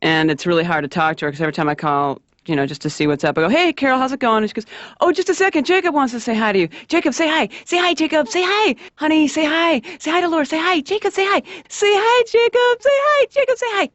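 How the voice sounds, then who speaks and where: An actress playing a wry woman comic who tells a story with shrill impressions of other people. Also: fast, a bit bright, no room sound. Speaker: stand-up comedian. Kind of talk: stand-up storytelling. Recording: dry, dull lo-fi audio.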